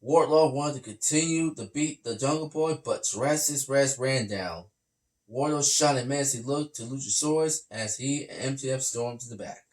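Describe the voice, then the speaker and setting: A man's voice: mid-range voice, normal speed. A man hosting a casual podcast, reading match results aloud and stumbling over names. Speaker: podcast host. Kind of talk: reading recaps in casual chat.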